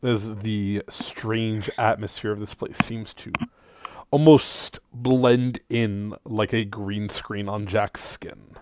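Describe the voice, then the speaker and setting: A man narrating as game master of a tabletop game in a measured, descriptive way. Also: fairly low pitch, steady tone, a little mellow, no echo, clean studio sound. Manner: measured, descriptive, sometimes trails off.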